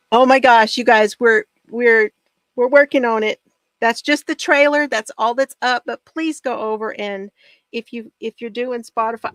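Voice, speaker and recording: A woman hosting a casual crafting video, bubbly and excitable, laughing often as she talks. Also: a little high, normal speed, no room sound. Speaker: knitting video host.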